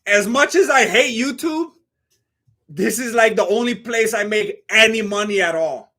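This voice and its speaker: A man's voice: high voice, a little slow, bright, forceful tone. A man hosting a live fight commentary stream, talking in a blunt, joking, chatty way.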